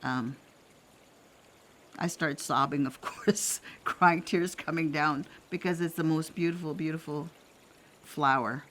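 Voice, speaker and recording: An older woman from Canada, an elder telling a personal story in a gentle, reflective way, pausing often and laughing softly. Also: deep voice, fairly even intonation, slight background noise. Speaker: elder sharing traditional teachings.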